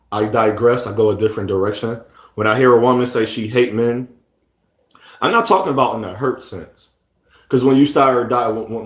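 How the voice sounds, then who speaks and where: A man with a mid-range voice delivers a casual, rambling monologue, repeating himself and often restarting his sentences. The recording is reverberant.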